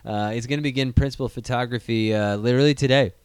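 Excitable swearing young man podcaster. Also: mid-range voice, fast talker, clean tone, no echo, studio quality. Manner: animated, swearing, jumps into excited outbursts. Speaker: podcast host. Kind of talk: casual movie news chat.

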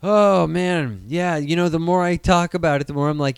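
A man's voice: on the high side, moderate pace, creaky, smooth, no room sound. A man chatting casually on a podcast, rambling and swearing freely, often slipping into mocking impressions. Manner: rambling, profane, animated, jumps into mock voices. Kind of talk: casual chat.

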